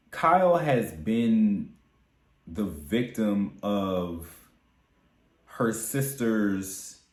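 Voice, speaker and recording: A man's voice: on the low side, echoey room. A man giving casual, sassy recap commentary on a reality show, chatty and candid with frequent asides.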